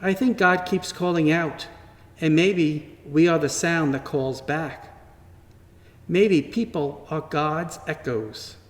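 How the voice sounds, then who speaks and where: A man slowly and gently reading a children's story aloud at church, in a wondering tone with pauses. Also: fairly high pitch. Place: church sanctuary. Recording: long reverb from a large hall.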